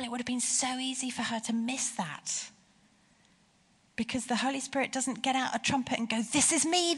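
A middle-aged woman delivers a sermon in an animated, conversational way, pushing up on key phrases. Her voice sits at a medium pitch. A long reverb hangs behind her, as in a large church hall. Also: husky. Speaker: preacher. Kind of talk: sermon with personal stories.

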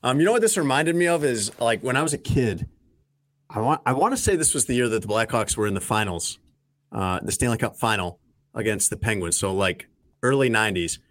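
Medium-pitched and a bit bright, this man's voice is animated and brisk. He's a sports talk show host in his thirties or forties, going over the news in a dry, conversational manner packed with fillers.

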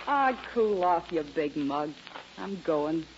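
A sassy, teasing farm wife. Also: female voice, on the low side, noisy background. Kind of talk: 1940s radio acting. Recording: lo-fi old radio recording with music.

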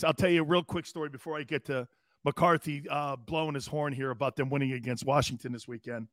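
Brash, rambling sports talk host. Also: male voice, fairly high pitch, sharp tone, no echo, clean studio sound. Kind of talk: live sports talk monologue.

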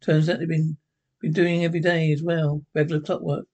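A man's voice: on the high side, flat delivery, brisk, a little mellow, lightly acted, poor audio. An actor with a Scottish accent playing a lonely older male hermit in a sitcom, telling his story in a plain-spoken, wistful way. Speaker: sitcom character. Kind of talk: sitcom acting.

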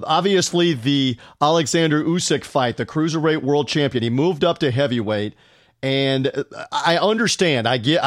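A middle-aged American man hosting a podcast in a casual, chatty and self-deprecating way, with a deep resonant voice. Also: no room sound, studio quality. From United States. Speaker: podcast host. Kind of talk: casual podcast talk with ad read.

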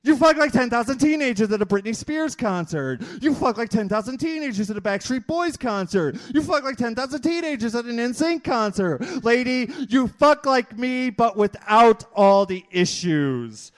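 High-voiced man performing slam poetry. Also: animated, normal speed, few pauses. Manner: rhythmic, repetitive, builds to shouts. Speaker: slam poet. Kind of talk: live spoken-word poetry performance. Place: live venue stage.

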